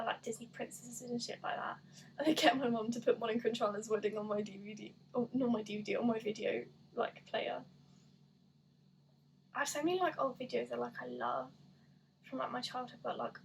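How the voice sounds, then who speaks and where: A chatty eighteen-year-old woman, talking casually over a quiz game with a slightly high voice. She rambles and uses "like" constantly, often putting herself down. A faint hum sits behind her. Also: poor audio. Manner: rambling, self-deprecating, filler-heavy with lots of "like". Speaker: gaming YouTuber. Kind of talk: casual chat while doing an online quiz.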